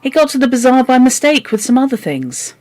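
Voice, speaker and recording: A woman's voice: high voice, very animated, a little fast, a little mellow, dry recording, pitched above the performer's own voice. A woman reading the part of a polite young girl who speaks soothingly and earnestly.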